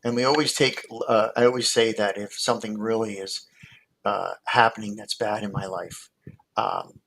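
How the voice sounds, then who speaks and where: A man's voice: lowish voice, fairly even intonation, normal speed, vocal fry, a bit bright, a little hiss or hum, low-quality recording. A man, a hypnotist guest, explaining his methods in casual talk with many fillers and restarts, heard over a video call.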